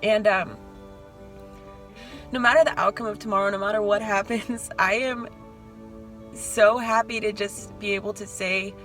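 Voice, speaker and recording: A woman's voice: mid-range voice, steady tone, normal speed, pauses often, fairly bright tone, poor audio. Chatty emotional woman vlogging, music behind. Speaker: bodybuilding competitor vlogging her show day. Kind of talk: casual vlog talk to camera. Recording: background music and crowd chatter.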